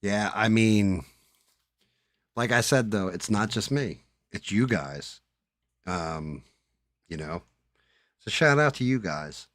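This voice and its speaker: Deep-voiced man cursing on a live stream. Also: lively intonation, takes it slowly, pauses often, fairly bright tone, no room sound. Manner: profane, mutters to himself while working. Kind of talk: casual chat while painting. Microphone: headset.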